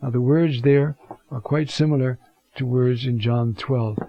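Slow, husky male Bible teacher. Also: medium pitch, steady tone, no room sound. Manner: slow, reflective, reads passages aloud with emphasis. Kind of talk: scripture lecture. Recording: dull lo-fi sound.

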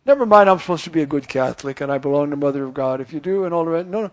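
An older priest gives a chatty, informal homily in a slightly higher voice. He acts out the voices of figures he quotes and keeps turning to his listeners with little questions. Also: animated, racing, few pauses. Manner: conversational, acts out quoted voices, asks listeners "you see?".

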